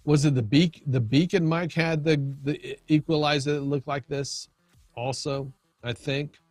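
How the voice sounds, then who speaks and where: A man hosts a casual livestream, chatting loosely with viewers while adjusting his audio setup and frequently restarting sentences. His voice is a little high, steady in tone and at normal speed, with no echo and soft background music.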